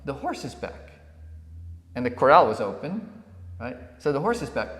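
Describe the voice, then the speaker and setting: A man co-hosting a podcast, telling a parable in a relaxed conversational way and acting out the villagers' lines. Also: mid-range voice, normal speed. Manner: animated storyteller who acts out villagers. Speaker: podcast co-host. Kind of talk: conversational storytelling. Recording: echoey room with long reverb.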